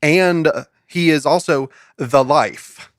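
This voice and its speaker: Guy hosting a bible study chat, reads verses slow and deliberate, dry close mic. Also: fairly high pitch, dry recording. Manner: reads scripture aloud slowly and asks questions. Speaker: podcast host. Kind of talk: casual Bible study conversation.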